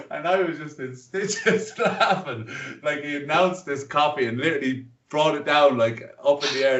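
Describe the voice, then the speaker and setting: A man's voice: medium pitch, animated, moderate pace, a bit bright. A man co-hosting a podcast, telling a funny bar story with laughs. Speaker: podcast co-host. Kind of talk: casual storytelling chat. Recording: roomy, distant, dull mic.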